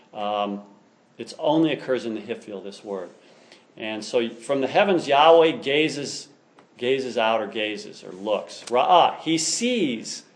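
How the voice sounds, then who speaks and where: Male teacher, classroom lecture, keen and explanatory, reads aloud then unpacks it. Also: mid-range voice.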